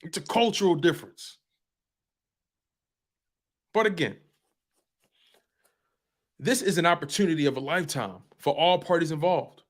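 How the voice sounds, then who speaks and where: A man's voice: fairly high pitch, moderate pace, pauses often. A man hosting a fan sports talk show, speaking passionately and emphatically and repeating phrases for effect. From US East Coast.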